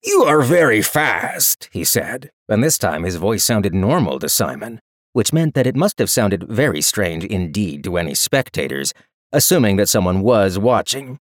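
A man's voice: lowish voice, normal speed, no echo. Guy narrating a fantasy audiobook, lots of melody in his voice, super dry close mic. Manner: expressive, dramatic storytelling. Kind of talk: scripted narration.

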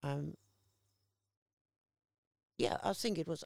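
Woman interview guest, very gravelly, slow and unhurried, slips into other people's voices as she tells stories. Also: on the low side, no room sound, clean studio sound. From Australia. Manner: animated storyteller acting out quoted voices. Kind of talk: casual storytelling conversation.

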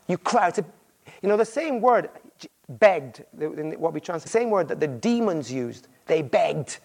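Animated male preacher, lively high voice. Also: normal speed, creaky, husky. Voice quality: married. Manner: animated storytelling, acting out voices in quotes. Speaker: visiting preacher. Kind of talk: sermon.

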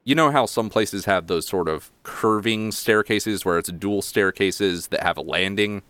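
A man narrating as game master in a relaxed, casual, descriptive way. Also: fairly low pitch, unhurried, no room sound.

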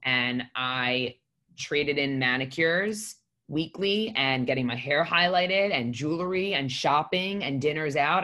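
A woman's voice: sits low, unhurried, fairly bright tone. A woman guest on a podcast, telling her story in a candid, rambling way and swearing for emphasis. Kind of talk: casual podcast conversation.

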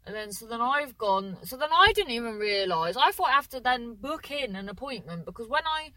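A young woman with a slightly high, animated, brisk and sharp voice tells a long, rambling casual anecdote, often correcting herself, saying "so then" a lot, acting out people's words in quotes and swearing now and then. The recording is dry and the audio poor.

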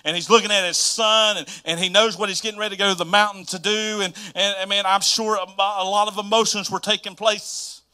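A Southern-accented man preaches as a pastor, telling his story with animated energy and repeating key phrases. His voice sits high and sounds bright. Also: a little fast, few pauses, smooth. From North Carolina, US. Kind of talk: sermon.

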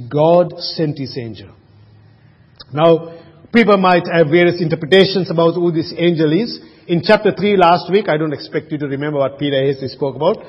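A man's voice: on the high side, husky. A man preaching a sermon, earnest, asking rhetorical questions and often restarting his sentences. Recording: muffled, reverberant hall.

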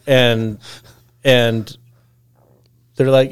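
Slow, laid-back man telling a story. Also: mid-range voice, no echo, clean studio sound. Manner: laid-back, laughs through his story, rambles with restarts. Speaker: guest. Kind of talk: casual storytelling on a podcast.

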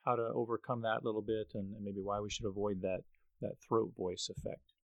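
A man's voice: lowish voice, fairly even intonation, a little fast, no echo, dull audio. A man hosting a podcast interview, earnest and often repeating words as he goes. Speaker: podcast host.

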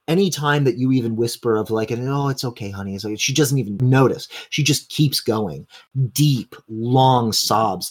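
A man running a tabletop game as game master, narrating scenes in long, vivid run-on descriptions. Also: medium pitch.

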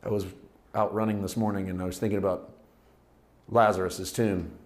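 Middle-aged man, pastor, low voice, easygoing sermon delivery that rises and drops in volume. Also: flat delivery, moderate pace. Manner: reflective, conversational preaching with swings in loudness.

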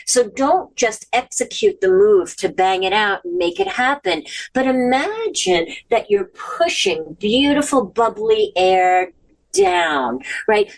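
A woman hosting a casual instructional livestream from home, chatty and encouraging, slowing down when she guides imagery. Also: on the high side, dry recording. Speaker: wellness host. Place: at home with her dog. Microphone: device camera.

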